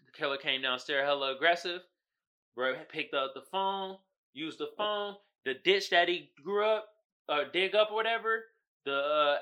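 A podcast host with a high voice recaps a horror movie and reads memes in a casual, animated monologue. He swears freely and breaks into loud, shouted impressions.

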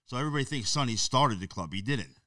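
A man's voice: medium pitch, lively intonation, fast talker, pushed and bright, no echo, distant mic. A man, telling stories bluntly and emphatically as a guest in a casual chat.

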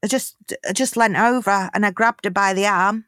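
British woman telling a story, animated. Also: medium pitch, normal speed, clear, resonant tone, no echo, clean studio sound. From Britain. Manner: animated storytelling, swears freely. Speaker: podcast co-host. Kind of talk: casual comedic chat.

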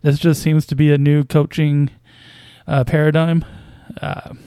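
A man's voice: a little high, little pitch movement, measured pace, warm tone, clear, resonant tone, no room sound. A man casually commenting on basketball news as a podcast host, with a hesitant, wry delivery full of fillers and small chuckles.

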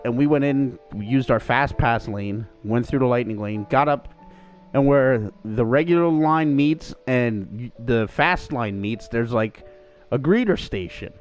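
A man telling a story in casual chat on a podcast, acting out quotes in a higher voice. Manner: animated, acts out quotes in a higher voice. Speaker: podcast co-host.

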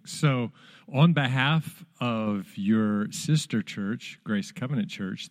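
A man's voice: fairly low pitch, a little mellow. A man in his fifties, a visiting pastor, giving friendly, plainspoken greetings to a congregation. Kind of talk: church greeting.

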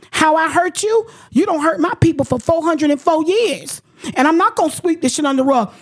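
A woman hosting a radio talk show, outspoken and profane, ranting in heated casual chat. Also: very high voice.

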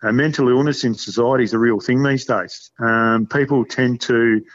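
A man's voice: mid-range voice, steady tone, moderate pace, dull audio. An Australian man talking earnestly and a bit ramblingly as a guest on a podcast, calling his host "mate". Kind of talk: casual chat.

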